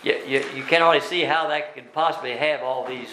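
A man's voice: medium pitch, fairly even intonation, fairly quick, pushed and bright, a little hiss or hum. A man teaching a Bible study class, explaining verses word by word and asking the group rhetorical questions. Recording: roomy room echo.

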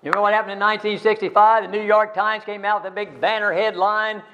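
Older guy preaching, fairly high voice, earnest and emphatic, repeats himself. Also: little pitch movement, fast talker, pushed and bright, highs cut off. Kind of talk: sermon.

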